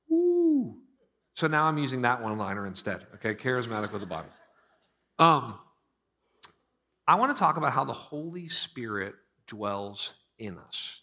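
A male pastor in his thirties from Pittsburgh delivers a sermon with a bright, forceful tone. He swings from loud emphatic bursts to slow, hushed lines, his pitch jumping high and dropping low.

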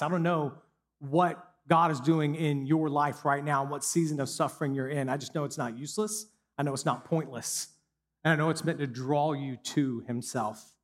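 A man's voice: a little high, in a large hall. Emphatic preacher man. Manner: conversational, emphatic preaching with rising intensity. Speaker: pastor. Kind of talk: sermon.

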